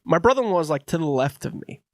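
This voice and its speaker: A young man co-hosting a podcast, telling a long story in a rambling, animated way. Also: a little high, quick pace, no echo, studio quality. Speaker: podcast co-host. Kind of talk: casual storytelling chat.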